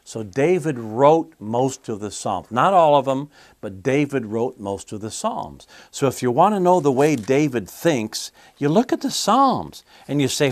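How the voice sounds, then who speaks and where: A man's voice: mid-range voice, no room sound. A male preacher delivering a sermon in a folksy, conversational way, with casual asides to the congregation.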